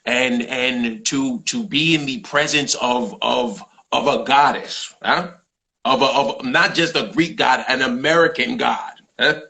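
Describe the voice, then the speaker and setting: A man voicing a charming, swaggering male movie star who talks haltingly with "huh?" asides. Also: mid-range voice, gravelly, bright, forceful tone, low-quality recording. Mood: reverent.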